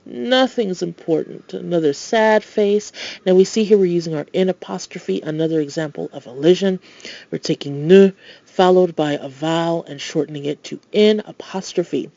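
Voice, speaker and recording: A tutor with a gravelly, mellow voice talks through a recorded language lesson. The speaker explains patiently, adds playful asides, and reads out French example phrases. The sound is dry and a little dull, like a lo-fi voice-over. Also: medium pitch, moderate pace, no room sound.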